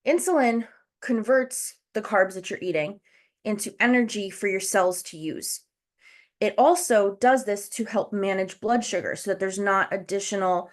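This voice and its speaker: Out-of-breath woman explaining to her chat. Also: medium pitch. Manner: chatty, explains step by step, addresses the chat. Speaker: host. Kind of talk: casual educational livestream talk. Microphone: video call.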